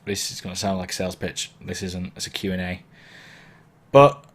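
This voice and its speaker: A man's voice: low voice, level tone, normal speed, husky. A man hosting a live question-and-answer stream as a DJ, casual and encouraging, his throat sore from hay fever. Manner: chatty and encouraging, wanders and self-corrects. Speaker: DJ and online Q&A host. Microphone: mic placed below the camera.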